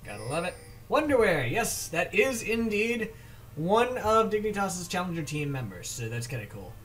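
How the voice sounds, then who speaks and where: An esports shoutcaster with a high, slightly bright voice and big pitch swings commentates a video game match solo at a normal speed. His casual, rambling delivery often trips over player names, with slight background noise.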